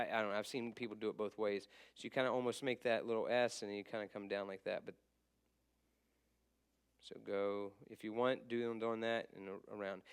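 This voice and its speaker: A man's voice: mid-range voice, clear, resonant tone. Casual man teaching a class. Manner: casual, repeats letter names, writes on board while talking.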